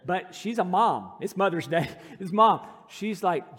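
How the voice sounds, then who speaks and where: High-voiced pastor preaching in a reverberant sanctuary. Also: male voice, lively intonation, unhurried, slight background noise. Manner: storytelling, self-deprecating, earnest. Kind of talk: sermon. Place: church sanctuary.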